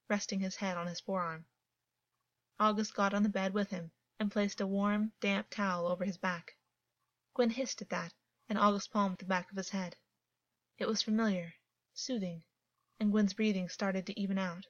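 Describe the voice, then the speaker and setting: A woman reading fiction aloud as a narrator, calm and even in her storytelling. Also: mid-range voice, dry recording. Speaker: audiobook narrator. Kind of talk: scripted narration. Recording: dull, dry, lo-fi.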